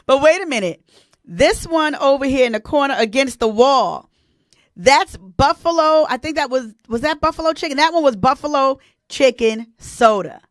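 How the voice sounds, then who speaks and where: A woman's voice: high voice, animated, normal speed, dry recording, studio quality. Chatty, emotional woman in her forties. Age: 40s. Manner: chatty and emotional, addressing viewers as y'all. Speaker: host. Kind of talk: casual live-stream chat.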